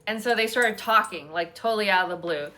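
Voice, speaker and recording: A woman's voice: medium pitch, a little fast, bright, forceful tone. A woman hosting a casual chat at home, talking in a rambling, chatty way with many fillers. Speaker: host.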